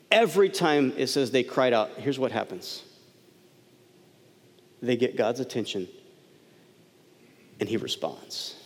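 A man preaching a sermon as pastor, conversational, with sudden soft drops and emphatic rises. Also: medium pitch. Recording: hall reverb.

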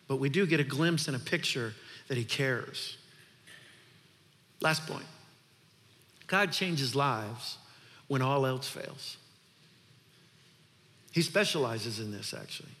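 A man's voice: mid-range voice, pushed and bright, in a large hall. A male pastor preaching a sermon in an earnest, conversational way, building to emphatic points.

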